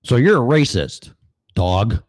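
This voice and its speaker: A man's voice: medium pitch, very animated, takes it slowly, darkish tone, no echo, clean studio sound. A man hosting a show, ranting sarcastically and cursing, now and then acting out other voices. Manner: acts out voices mid-rant. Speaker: show host. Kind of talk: opinion monologue.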